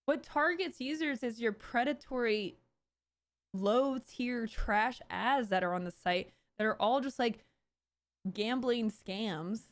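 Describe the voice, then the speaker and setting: A woman with a high, bright voice reacts live on stream as its host, speaking slowly. She rants sarcastically about what she's watching, riffing with piles of fillers and restarts.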